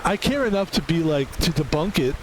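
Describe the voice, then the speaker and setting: A man's voice: a little high, animated, fairly quick, a bit bright, slight background noise, rough recording. A man streaming a video game, chatting and rambling casually while he plays and laughing now and then. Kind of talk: casual gameplay commentary.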